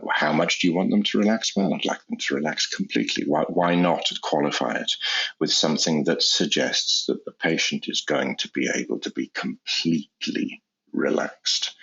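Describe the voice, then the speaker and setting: A man speaking as an anesthesiologist guest in an interview, explaining in a measured way and often repeating words as he restarts. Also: extremely low pitch, vocal fry, a bit bright, slightly rough. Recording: dull lo-fi sound.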